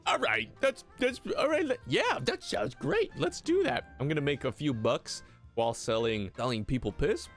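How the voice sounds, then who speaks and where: A man voicing a greedy teenage girl who eagerly agrees to a business deal, stammering in a high voice. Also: big pitch swings, moderate pace, faint music behind.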